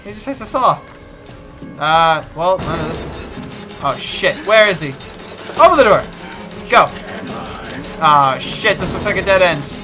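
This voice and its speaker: A man's voice: sits high, animated, unhurried, long pauses. A man commentating a horror game, muttering and swearing nervously to himself. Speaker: let's play gamer. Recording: game music behind voice.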